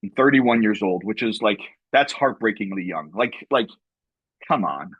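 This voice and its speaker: A man's voice: on the low side, expressive, normal speed, slightly rough, no room sound, lo-fi sound. A man in his fifties from the United States, a podcast guest talking candidly and reflectively, often repeating words and tagging sentences with "right?". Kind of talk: candid conversational interview.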